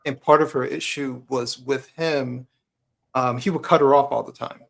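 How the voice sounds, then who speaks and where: Married guy guest, gravelly voice, earnest and frank, tells stories. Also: mid-range voice, steady tone, normal speed. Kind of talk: casual conversation.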